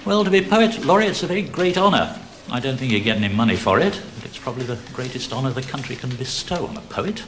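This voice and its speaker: An actor playing a teacher who lectures his class in a lively way, with hesitant fillers. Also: medium pitch, quick pace, hardly any pauses, background noise, lightly acted. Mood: lecturing. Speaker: older teacher. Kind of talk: television drama acting.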